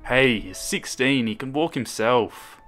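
A man voicing a drunk, obnoxious middle-aged father with a raspy voice, loud and mocking, in a narrated horror story. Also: medium pitch, lively intonation, slow pace, soft background music, pitched above the performer's own voice.

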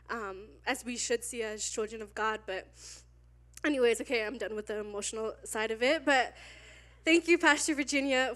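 A woman around twenty, a youth leader, preaching at church, tearful and candid, halting with nervous laughs. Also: a little high, a bit bright. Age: 20s. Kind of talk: emotional sermon. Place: church sanctuary. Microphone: handheld mic.

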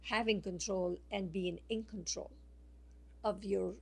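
A woman guest speaking by phone on a radio show, telling a personal story slowly and haltingly, with many fillers and restarts. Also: mid-range voice, steady tone, gravelly, husky. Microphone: phone line.

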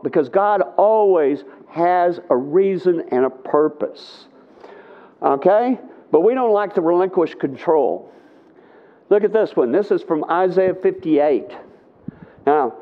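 A man's voice: high-pitched, expressive, a little slow. A middle-aged man giving a live conference Bible teaching, talking conversationally and often checking in with "okay?". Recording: tinny phone-like sound.

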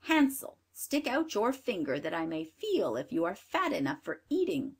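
A woman's voice: fairly low pitch, wildly swooping pitch, moderate pace, slightly rough, pitched below the performer's own voice, heavily acted. A cruel old witch from a storybook tale, voiced by a woman reader. She sneers and scolds harshly, barking her orders at the children. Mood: harsh scolding. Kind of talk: storybook reading.

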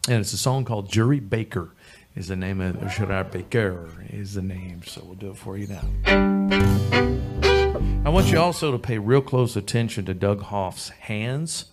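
A man's voice: lowish voice, moderate pace, loud music behind the voice. A man with a Midwestern American accent chatting from a concert stage between songs, rambling with fillers and restarts. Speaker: fiddler and bandleader.

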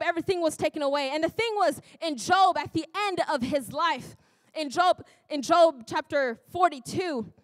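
In a church, a woman delivers a sermon in a high-pitched voice, frequently laughing, interrupting herself and letting out exclamations to herself. The recording is dry.

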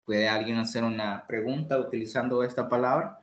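A male English teacher who is a Spanish speaker, giving an online lesson. He repeats phrases patiently, switches between English and Spanish, and often clears his throat. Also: mid-range voice, fairly even intonation, fast talker, dull audio. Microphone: online class call. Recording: roomy echo.

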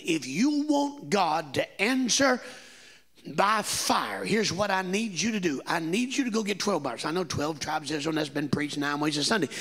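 A man's voice: high-pitched, a bit bright. A man preaching a sermon in a church, folksy and joking, rising to emphatic stretches as he retells the story. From Kentucky. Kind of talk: Pentecostal-style sermon. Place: church sanctuary.

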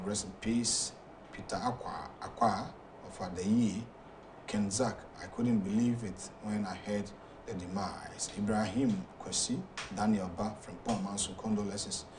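A Ghanaian man with a fairly low voice hosts a talk show, reading out viewer messages haltingly and stumbling over names. He sits back from the microphone, and steady background noise runs under his voice. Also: far from the mic. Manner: halting, hesitant reading with frequent fillers.

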